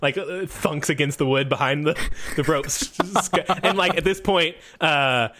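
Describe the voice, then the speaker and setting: A man's voice: on the high side, normal speed, noisy background. A man narrating a tabletop game as game master on a headset mic, laughing often and rambling with fillers.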